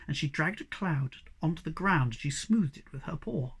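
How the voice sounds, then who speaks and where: A reader giving an expressive storybook reading aloud. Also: mid-range voice, moderate pace, husky. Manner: expressive, varied delivery.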